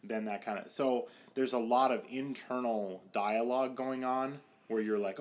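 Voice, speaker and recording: A man's voice: medium pitch, steady tone, moderate pace, hardly any pauses. A young man, a psychotherapist, talking casually on a podcast, with many "like" fillers, and slipping into quoted voices now and then.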